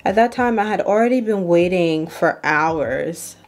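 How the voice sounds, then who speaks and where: A young woman from Ohio telling an animated story while getting ready, acting out what other people said. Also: lowish voice, unhurried. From Ohio, USA. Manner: animated storytelling, acts out quoted voices. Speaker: makeup artist vlogger.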